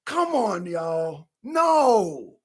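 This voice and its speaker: Animated husky man hosting a livestream. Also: sits high, very slow. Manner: animated, repetitive, calls out chat viewers. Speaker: talk show host. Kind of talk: livestream political commentary, reading chat.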